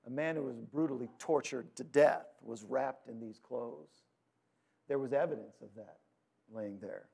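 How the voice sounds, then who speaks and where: A man preaching a sermon, retelling scripture with dramatic swings between loud urgency and hushed quiet. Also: mid-range voice, measured pace, gravelly, slightly rough. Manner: storytelling, paraphrasing scripture. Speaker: pastor.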